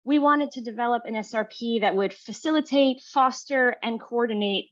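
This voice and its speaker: A woman marine biologist giving an online presentation in a measured, slightly formal way. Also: fairly high pitch, lo-fi sound.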